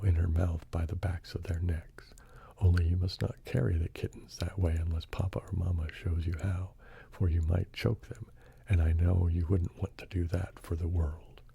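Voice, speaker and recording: A man reading a bedtime story in a soft-spoken ASMR style, hushed and partly whispered. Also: deep voice, creaky, slightly rough.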